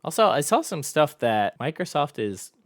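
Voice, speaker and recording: Lively man, dry close sound. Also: a little high, normal speed, dry recording. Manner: animated, playful, mock-sarcastic asides. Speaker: podcast co-host. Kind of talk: casual chat.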